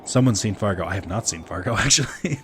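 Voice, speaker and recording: A fairly low-voiced man from Minnesota streaming a video game. He gives loose, profane commentary and laughs as he chats with his viewers. Faint game music plays in the background. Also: expressive, fast, fairly bright tone. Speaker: let's play streamer. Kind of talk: casual gameplay commentary.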